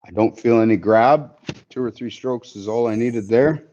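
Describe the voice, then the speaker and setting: A man hosting a livestream while sharpening knives, talking in an easygoing, halting way. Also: mid-range voice, warm tone, highs cut off. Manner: easygoing, halting, many fillers. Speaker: knife sharpener and stream host. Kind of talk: casual livestream chat.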